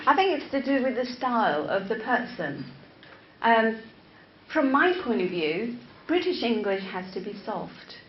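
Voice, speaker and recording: This is a woman professor, an English teacher-educator whose native language is Chinese, lecturing teachers in a lecture room. Her voice is a little high with big pitch swings, and she goes slowly and deliberately, interacting with listeners, repeating words, and checking in with "right?". Faint noise runs through the echoey, slightly dull recording.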